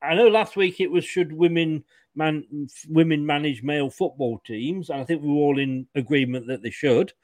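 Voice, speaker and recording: A jovial man rambles through a casual chat, chuckling between his thoughts. His voice sits a little high for a man. The sound is dry and close, with no room echo. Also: moderate pace, darkish tone.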